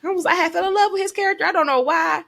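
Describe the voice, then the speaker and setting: A woman co-hosting a faith podcast, chatting casually in an animated, emotional way. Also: extremely high pitch, rapid-fire, vocal fry. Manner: animated, emotional storyteller, Southern US dialect forms. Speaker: podcast co-host. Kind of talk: casual chat.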